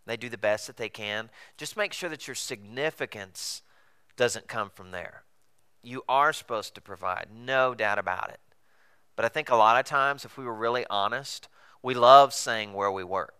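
A male pastor delivering a sermon in a conversational, animated way, full of rhetorical questions. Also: medium pitch, moderate pace, smooth.

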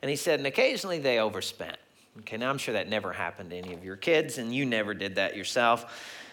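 Bright-voiced man preaching with lively stories. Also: on the low side, quick pace. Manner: animated storytelling, acts out quoted voices. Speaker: pastor. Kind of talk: sermon with personal stories.

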